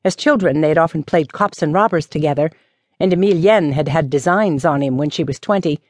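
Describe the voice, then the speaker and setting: A woman narrating a mystery novel as an audiobook, with measured, even storytelling. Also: low voice, dry recording. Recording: dry studio audiobook.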